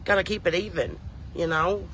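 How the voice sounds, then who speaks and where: A woman's voice: on the low side, normal speed, fairly bright tone, a little hiss or hum. A woman with a thick Southern US drawl, telling folksy, rambling comedy stories in casual chat. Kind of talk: chatty comedic storytelling.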